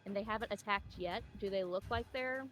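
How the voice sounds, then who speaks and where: A woman with a mid-range voice plays in a tabletop game and speaks quietly, half mumbling to herself. Music comes through clearly behind her. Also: medium pitch, a little fast, poor audio. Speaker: player. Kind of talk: casual tabletop game play.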